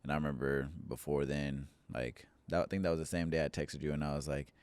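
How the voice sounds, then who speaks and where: A young man with an extremely deep, smooth voice shares his own story in an easygoing, earnest way. He sounds close to the mic in a dry room with no echo. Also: flat delivery, fast talker, a little mellow. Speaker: church member, podcast guest. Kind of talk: casual podcast chat, personal testimony.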